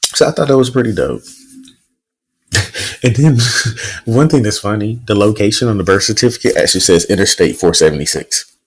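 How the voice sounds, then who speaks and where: A man co-hosting a podcast, telling a news story in relaxed casual chat with plenty of fillers. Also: on the low side, fairly quick, long pauses, breathy edge, low-quality recording. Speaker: podcast co-host.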